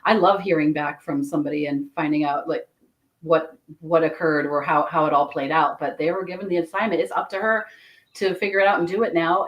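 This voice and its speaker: A woman's voice: fairly low pitch, poor audio. A woman who reads Akashic Records, telling a story in a casual, chatty way with many restarts. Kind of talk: casual storytelling in a podcast chat.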